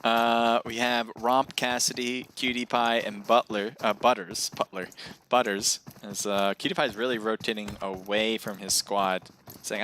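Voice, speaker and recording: Casting a mobile battle royale game live, this esports commentator speaks at a moderate pace in a lowish, steady, fairly bright voice, with a little hiss or hum in the background. He chats casually, laughs, and gets fired up at near misses.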